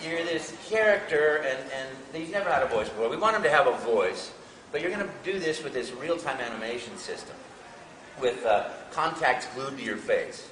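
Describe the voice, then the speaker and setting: Animated man telling stories in a hall. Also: mid-range voice, normal speed, slight background noise. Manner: animated, self-interrupting anecdotes. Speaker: voice actor, panel guest. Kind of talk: storytelling on a live panel. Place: large hall with an audience. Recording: echoey hall from far off.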